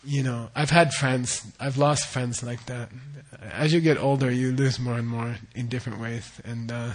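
A middle-aged man teaching Buddhist tradition, explaining terms slowly and often checking in with "okay?". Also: medium pitch, steady tone. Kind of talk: dharma teaching.

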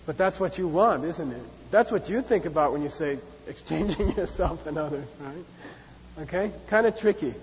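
A man's voice: a little high, animated, normal speed, slight background noise. A man teaching a Buddhist class in a chatty, repetitive way, playfully acting out sarcastic voices. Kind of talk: dharma class lecture. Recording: dull, reverberant hall.

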